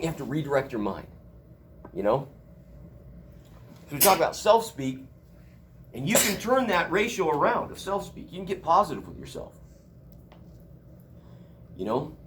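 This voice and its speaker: A man's voice: mid-range voice, slight background noise. A middle-aged man teaching a college class in a casual, joking storytelling manner. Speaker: college instructor.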